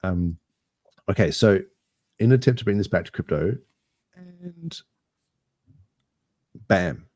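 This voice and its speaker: Deep-voiced Australian man, jokey and rambling. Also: animated, takes it slowly, pauses often, a little mellow, no echo, studio quality. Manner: jokey, rambling, self-mocking. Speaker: podcast co-host. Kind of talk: casual banter.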